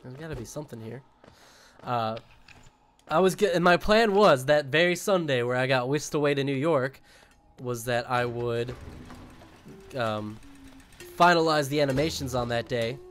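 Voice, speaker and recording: A man's voice: medium pitch, a little slow, long pauses, a bit bright. A man chatting casually to his viewers while streaming a game, joking and rambling. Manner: jokey, rambling, talks to chat while playing. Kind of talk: casual gaming stream chat.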